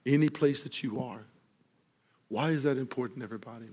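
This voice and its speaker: Man, pastor, sermon, storytelling, acts out voices, loud then hushed. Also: medium pitch, fairly quick, husky. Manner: animated storyteller, acts out dialogue, grows loud in excitement; drops soft and quiet for earnest moments.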